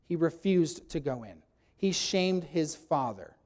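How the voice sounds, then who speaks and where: Male preacher mid-sermon, emphatic teaching voice sitting a bit high, bursting loud on quoted lines. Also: lively intonation, slow.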